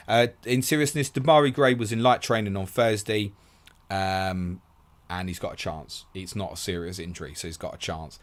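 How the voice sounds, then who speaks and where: A man hosting a live stream, briskly reading listener questions aloud and answering them in a matey, casual way. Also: low-pitched, fairly even intonation. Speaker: podcast host.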